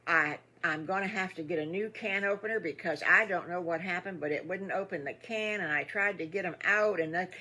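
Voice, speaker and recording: Older woman doing a tearful mother pig, storybook, soft and sorry, husky. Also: on the low side, fairly quick, few pauses. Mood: dismayed.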